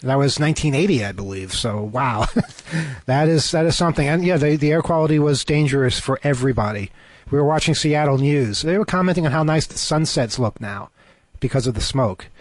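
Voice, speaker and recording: A man's voice: medium pitch, animated, fairly quick, no echo. Man reading news with sarcastic asides. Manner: hesitant, many fillers and restarts. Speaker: co-host of a talk show. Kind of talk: casual news discussion over a call.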